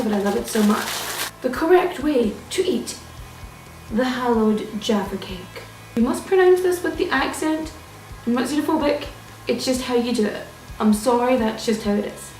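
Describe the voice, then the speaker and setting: A young woman with a high voice talks through a jokey how-to vlog in a mock-serious, know-it-all manner. She sits a little off the mic in an echoey room, with faint music playing underneath. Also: a little mellow, recorded from a distance. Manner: playful, mock-serious and self-assured. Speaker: vlogger. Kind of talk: mock-instructional comedy vlog.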